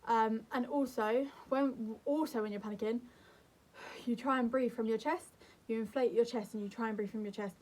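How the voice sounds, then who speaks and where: A young woman vlogger giving calm, earnest advice to camera in a gentle, soothing way. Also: a little high, normal speed. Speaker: mental health vlogger.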